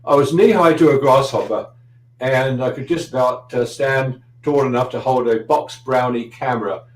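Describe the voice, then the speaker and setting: A man's voice: mid-range voice, moderate pace, roomy sound, rough recording. A middle-aged man with a London accent, a guest chatting in an interview, anecdotal and dryly humorous with frequent hesitations. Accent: British, London. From London, England. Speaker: guest photographer. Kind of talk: casual interview chat.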